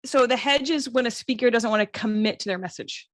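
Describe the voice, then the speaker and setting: A woman's voice: a little high, brisk, no room sound. Candid, laughing woman podcast co-host. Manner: candid, self-deprecating, laughs often. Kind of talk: casual podcast chat.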